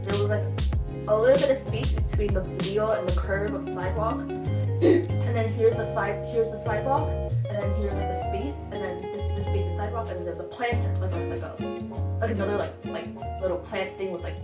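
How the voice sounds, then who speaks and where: A young woman vlogger with a hoarse voice, rambling through a fan story with lots of fillers and giggles. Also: mid-range voice. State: hoarse from screaming. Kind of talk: casual fan vlog storytelling. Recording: echoey, from a distance, music behind.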